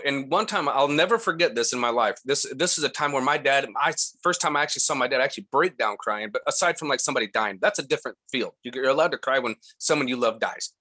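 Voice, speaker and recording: A man telling a personal story in casual conversation, animated and acting out the voices he quotes. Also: mid-range voice. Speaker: guest.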